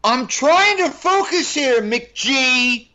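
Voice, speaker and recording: A man doing an impression of a furious actor who is shouting at a director on set. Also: extremely high pitch, animated, drawn-out words, lo-fi sound, pitched above the performer's own voice, full character voice. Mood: enraged. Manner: shouting, enraged.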